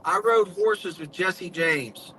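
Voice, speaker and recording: A man's voice: sits high, takes it slowly, bright, forceful tone, slight background noise, poor audio. A man earnestly telling his story in casual live-stream chat, with folksy speech.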